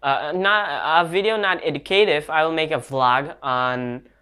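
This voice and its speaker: In a fairly high, bright voice that's forceful yet clean, a man leads an informal English lesson online. His delivery is slow and unsure, marked by restarts and non-native grammar.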